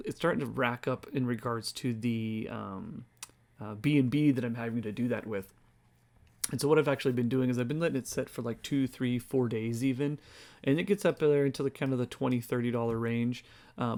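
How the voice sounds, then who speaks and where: A man's voice: medium pitch, steady tone, a little fast, a little mellow. A man hosting a casual screen-share walkthrough, tired and yawning, rambling and thinking aloud as he reads figures off the screen. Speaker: crypto video host.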